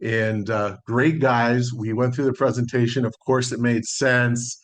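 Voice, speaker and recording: A middle-aged man, a solar sales consultant, telling a relaxed story in a podcast interview and acting out the dialogue. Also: medium pitch, unhurried. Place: Las Vegas.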